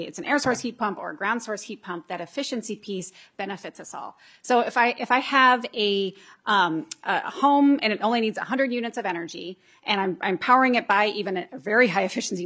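A woman's voice: medium pitch, a bit bright. A woman legislator giving explanatory committee testimony, with frequent restarts and fillers. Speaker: state legislator.

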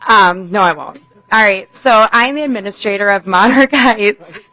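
A woman's voice: medium pitch, pushed and bright, low-quality recording. A middle-aged woman, a care facility administrator, giving earnest, emotional testimony to a legislative committee. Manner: earnest, apologetic, fast and emotional.

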